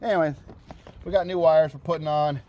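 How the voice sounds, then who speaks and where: Chatty joking dad working on a car outdoors. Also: male voice, fairly high pitch, steady tone, brisk, warm tone. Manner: chatty, joking, self-mocking. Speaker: father and host of a backyard mechanic channel. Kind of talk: casual vlog narration while working on a car. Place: outdoors in a backyard garage area, rain starting.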